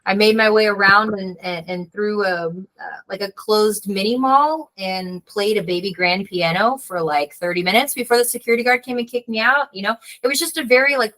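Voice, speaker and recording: An American woman with a bright, mid-range voice tells a story in casual conversation, and the recording is rough. She's an author appearing as a guest, an animated storyteller who acts out the voices she quotes and says "like" often.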